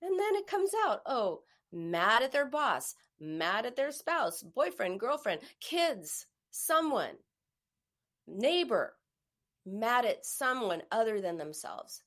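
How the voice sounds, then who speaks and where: A woman's voice: on the high side, sing-song, slow pace, fairly bright tone. A woman hosting a live-streamed self-help talk, speaking earnestly in a coaching manner and now and then acting out a harsh inner voice. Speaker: host of a live stream on emotional eating.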